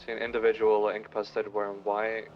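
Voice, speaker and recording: Terse low-voiced man on police radio. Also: monotone, fast, highs cut off, music in the background. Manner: terse radio call-outs. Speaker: police officer in a game role-play.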